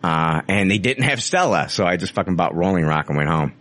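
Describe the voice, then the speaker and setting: A man's voice: low voice, expressive, fairly quick, a bit bright, no echo. A man hosting a podcast in casual chat, swearing a lot, rambling and mocking himself. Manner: profane, rambling, self-mocking. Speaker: podcast host.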